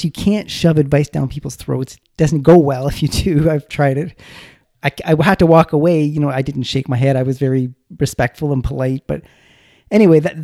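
A man's voice: on the high side, vocal fry, dark tone, dry recording, studio quality. A middle-aged man co-hosting a money podcast, telling a personal story in a rambling, casual way with restarts. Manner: rambling, restarts and self-corrections. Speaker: podcast co-host.

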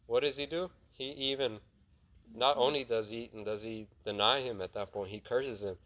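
A man's voice: medium pitch, moderate pace, a bit bright. A young man preaching a casual sermon, retelling a Bible story in plain talk, asking his listeners questions and acting out the lines of the people in it. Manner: conversational, asks the audience questions, acts out dialogue. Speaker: youth preacher.

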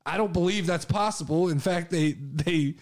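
A man with a fairly high voice hosts a casual chat show. He rants with excitement and swears freely, and his energy keeps rising. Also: moderate pace. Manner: excitable, profane ranting. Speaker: podcast host.

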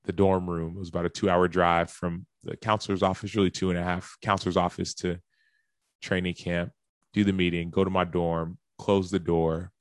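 A man's voice: deep voice, flat delivery, moderate pace, no room sound. A man, a professional athlete, earnestly telling a personal story in a speech and acting out the lines and gasps of the people in it.

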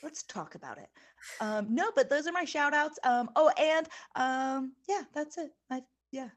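A woman's voice: high voice, expressive, a little slow. A woman co-hosting a podcast, chatting casually with jokes and swearing. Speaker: podcast co-host. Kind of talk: casual chat.

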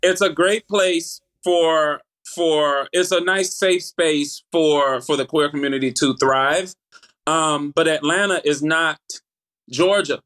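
A man in his thirties with a Southern US accent, chatting as an interview guest, lively, with halting restarts and easy laughter. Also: a little high. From United States. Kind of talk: casual interview chat.

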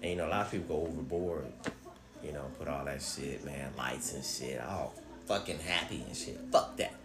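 A man telling stories in casual chat, profane and animated, acting out what people said. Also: extremely low pitch, moderate pace, reverberant. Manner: profane, animated storyteller who acts out quotes.

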